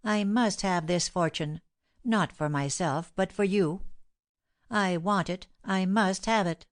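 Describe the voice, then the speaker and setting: A woman's voice: medium pitch, slow, voice pushed up, natural voice. Woman reading as a cold, scheming young wife. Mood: urgent. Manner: cold, insistent, contemptuous.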